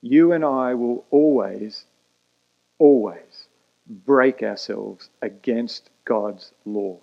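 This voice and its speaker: A man delivers a sermon at an unhurried pace. He leans hard on key phrases and lets dramatic pauses hang. The recording sounds dull and slightly lo-fi. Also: medium pitch, gravelly. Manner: emphatic preaching with dramatic pauses and quick asides. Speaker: pastor.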